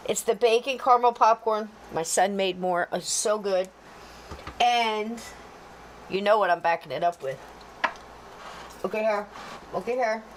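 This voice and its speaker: A woman's voice: mid-range voice, unhurried, long pauses, poor audio. A chatty woman hosting a casual livestream, joking with her chat and greeting viewers by name. She mutters to herself while she fights with her computer. Faint noise sits underneath her voice. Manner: chatty, talks to herself while fumbling with tech; folksy and jokey, greets viewers warmly by name. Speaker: podcast co-host.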